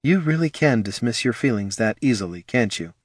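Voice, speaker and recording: A man's voice: mid-range voice, expressive, fairly quick, dry recording, studio quality, lightly acted. A man voicing a proud, angry young female sun mage, talking in a cold, clipped, scornful way.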